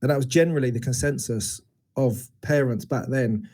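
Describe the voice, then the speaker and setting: Guesting on an interview podcast, a men's educator in his forties recounts a painful story from his life. His mid-range voice is darkish and moderately paced, and he speaks thoughtfully and candidly, with many restarts and quoted lines he acts out.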